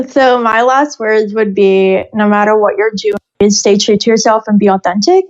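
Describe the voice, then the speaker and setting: A woman speaks as a podcast guest, earnest and reflective, with casual fillers. Her voice is mid-pitched. The audio sounds a little dull and lo-fi. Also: fairly even intonation, normal speed. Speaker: singer-songwriter guest. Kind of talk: podcast interview answer.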